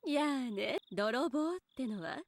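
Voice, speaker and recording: A woman's voice: on the high side, animated, moderate pace, dry recording. A polite teasing lady. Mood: amused. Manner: soft, polite, amused. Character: composed, teasing adult woman.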